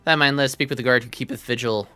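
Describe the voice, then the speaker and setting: A man's voice: mid-range voice, fairly even intonation, racing, pushed and bright, faint music behind, natural voice. A man reading aloud the lines of a solemn male elf scholar who speaks in old-fashioned formal phrases. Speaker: streamer reading game dialogue.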